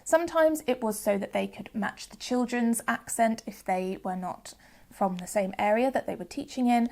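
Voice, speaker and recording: A young woman from the UK hosting a phonics lesson, explaining patiently and sounding out examples slowly and clearly. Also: on the high side, a little mellow. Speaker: phonics teacher and channel host. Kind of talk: educational video lesson.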